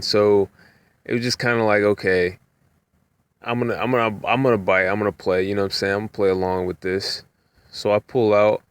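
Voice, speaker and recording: A man's voice: lowish voice, creaky, clean tone. A young man and rideshare driver telling a story in a laid-back, casual way, often repeating filler phrases. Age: young adult.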